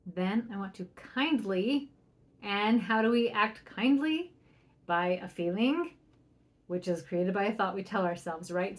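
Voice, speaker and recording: A middle-aged woman hosting a parenting podcast, giving advice in a chatty, upbeat way and often asking "right?". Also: a little high. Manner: chatty, upbeat, keeps asking "right?", acts out soft quoted lines. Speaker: parenting coach and podcast host.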